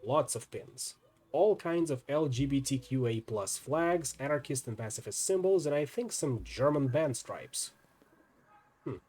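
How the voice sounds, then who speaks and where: A man streaming and reading a story game aloud, with casual asides, in a lively, expressive way. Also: mid-range voice, a little slow, breathy edge.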